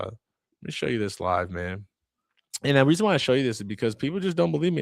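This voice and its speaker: A man's voice: lowish voice, dry recording. A man hosting a livestream as a speaking coach, talking casually and chattily while he thinks aloud. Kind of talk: casual motivational livestream talk.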